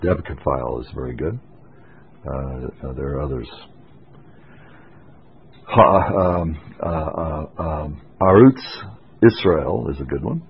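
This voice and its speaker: A man's voice: rumbling low, animated, measured pace, creaky, long pauses, husky. A man preaching an expository Bible sermon, emphatic and insistent, pressing his points hard. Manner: emphatic, rising to forceful insistence. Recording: dull lo-fi radio broadcast.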